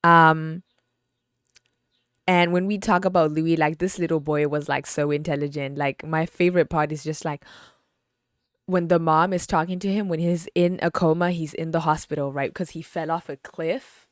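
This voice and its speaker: A woman hosting a podcast, chatting about a film in an animated, exclaiming way with lots of fillers. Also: sits low, moderate pace, dry recording, studio quality. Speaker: podcast host. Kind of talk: casual movie review chat.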